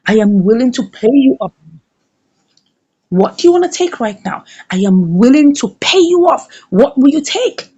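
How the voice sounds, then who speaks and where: A woman's voice: high-pitched, sing-song, moderate pace, mellow, breathy edge, dull audio, exaggerated voice. A woman voicing a haughty, wealthy older mother who demands and offers bribes.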